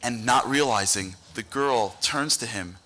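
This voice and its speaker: A man giving an animated storytelling speech at a dinner event, acting out the people he quotes. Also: medium pitch, unhurried. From United States. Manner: animated, acts out quoted voices. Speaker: dinner speaker. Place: banquet hall event.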